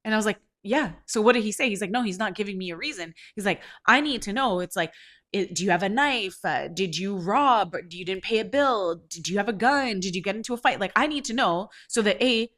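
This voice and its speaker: A congested woman in her forties, a podcast host telling a story casually, swearing and rising to loud outrage. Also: medium pitch, lively intonation, quick pace. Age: 40s.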